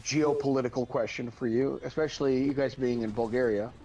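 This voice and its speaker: A man's voice: medium pitch, fairly even intonation, fairly quick, warm tone, a little hiss or hum, rough recording. A man chatting casually on a game stream, rambling with frequent stammered restarts. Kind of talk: casual chat over a stream.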